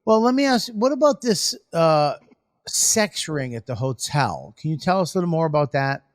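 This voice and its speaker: A man's voice: on the high side, sing-song, moderate pace. A man co-hosting a podcast, asking probing, incredulous questions. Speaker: podcast co-host. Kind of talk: interview questions.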